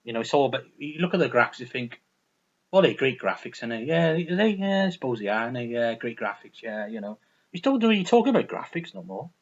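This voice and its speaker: A man's voice: medium pitch, sing-song, fast, lo-fi sound. Rambling, foul-mouthed man. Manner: rambling, profane, repetitive. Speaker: gaming vlogger. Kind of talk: casual game review rant.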